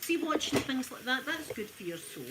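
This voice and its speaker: A Scottish woman chatting casually to her live viewers while ironing, in a soft, emotional, friendly way. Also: sits high, sing-song, normal speed, slight background noise. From Scotland. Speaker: ASMR streamer.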